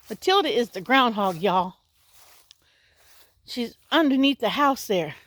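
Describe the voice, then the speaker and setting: A woman's voice: lively intonation, unhurried, pauses often, fairly bright tone, dry recording. A woman, chatting casually in a vlog outdoors by her house and talking to her dogs. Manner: chatty, talks to her dogs in a high baby voice. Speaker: vlogger. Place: outdoors around a country house.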